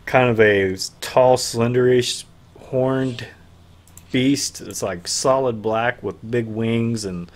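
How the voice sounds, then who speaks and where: A man's voice: medium pitch, slow. A man narrating a tabletop game as game master, in a casual manner with filler words. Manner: casual, stops to fix his screen while talking.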